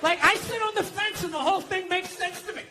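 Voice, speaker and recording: An American man doing stand-up, ranting and profane, with a very high, strained voice. His tone is bright and forceful as he pushes each line. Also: fast, slight background noise. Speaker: stand-up comedian. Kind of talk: stand-up comedy.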